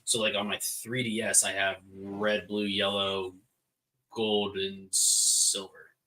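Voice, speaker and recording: A man co-hosting a live podcast, telling animated stories and mimicking other people's voices. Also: lowish voice, slow. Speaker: podcast co-host. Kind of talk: casual chat.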